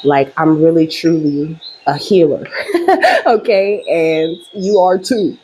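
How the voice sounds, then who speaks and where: Speaking directly to her audience, this spiritual reader and channel host offers an informal reading that's talkative, forceful in emphasis and sincerely emotional. She has a low, dark, husky voice with a steady tone and measured pace, captured on poor audio.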